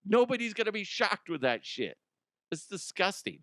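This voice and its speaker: Casting note: male host, loose profane comedic rant, smooth voice, dry close sound. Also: sits high, very animated, moderate pace, a bit bright, no room sound. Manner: profane, rambling, acts out imagined people. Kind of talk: casual comedic news rant.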